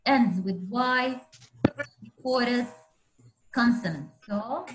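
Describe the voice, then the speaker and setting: A woman's voice: a little high, slow, slight background noise, poor audio. A woman teaches a grammar class over a video call. She walks through each rule patiently, step by step. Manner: patient, explains rules step by step. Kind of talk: online grammar lesson.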